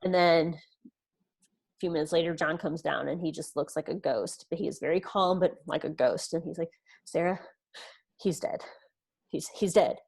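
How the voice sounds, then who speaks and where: Earnest woman guest, slightly low voice. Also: fairly even intonation, normal speed, vocal fry, husky. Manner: earnest, retells events with quoted dialogue. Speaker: podcast guest. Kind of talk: personal storytelling in an interview.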